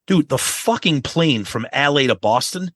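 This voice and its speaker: Guy co-hosting a podcast, swears a lot telling stories, bright voice, bouncy pitch. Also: moderate pace, no room sound. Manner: animated, profane storytelling. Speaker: podcast co-host. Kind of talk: casual podcast chat.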